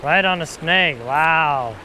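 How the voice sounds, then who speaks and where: An excitable man fishing at a river, talking to his viewers and a little out of breath, recorded outdoors on an action camera. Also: on the high side, slow pace, a little hiss or hum. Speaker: fishing vlogger. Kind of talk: casual fishing vlog.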